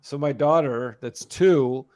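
A man's voice: mid-range voice, takes it slowly. A man in his thirties telling funny stories about his toddler in a casual chat. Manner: animated storyteller, mimics a toddler's voice in quotes.

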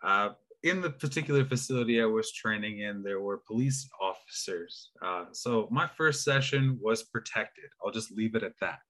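A man who is a podcast guest, telling a personal story in a relaxed way, with many pauses and dry humor. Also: on the low side. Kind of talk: casual storytelling.

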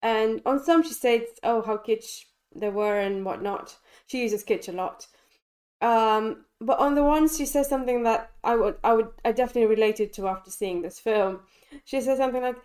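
A woman co-hosting a casual podcast, reviewing a film with animated enthusiasm and frequent restarts. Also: fairly high pitch, moderate pace. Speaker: podcast co-host reviewing films. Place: London.

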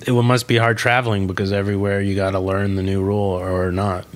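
A man in casual chat, asking quick, curious follow-up questions. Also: deep voice, little pitch movement.

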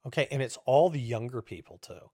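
A man in his fifties hosting a show, delivering a profane, sarcastic comedic rant that swings between loud outbursts and low muttering. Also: lively intonation, fairly quick, no echo, studio quality. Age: 50s. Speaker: host.

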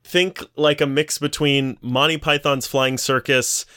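A man's voice: medium pitch, measured pace, clear, resonant tone. A man co-hosting a podcast, chatting casually and acting out the lines he retells. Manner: animated storytelling, acts out quoted lines. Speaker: podcast co-host. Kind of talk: casual chat.

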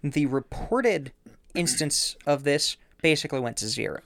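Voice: medium pitch, lively intonation, moderate pace, fairly bright tone, no room sound. A podcast co-host explaining research in a casual, playful chat, laughing often and making joking asides.

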